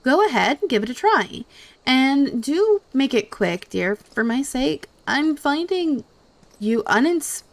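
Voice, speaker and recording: A woman doing a haughty game character who is obsessed with fashion and sniffs at dull outfits. Her reading is prim and scolding, with a lively, swooping pitch and an unhurried pace. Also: dry recording, heavily acted. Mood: sniffy.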